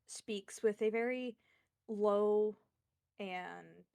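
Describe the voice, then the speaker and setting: A woman narrating as game master of a tabletop game, describing scenes in an unhurried way with many fillers. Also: mid-range voice, gravelly, mellow, smooth.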